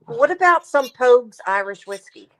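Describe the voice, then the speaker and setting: A woman's voice: a little high, animated, normal speed, a bit bright, low-quality recording. A woman chatting casually, a little hesitant, listing drinks at home. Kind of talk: casual chat.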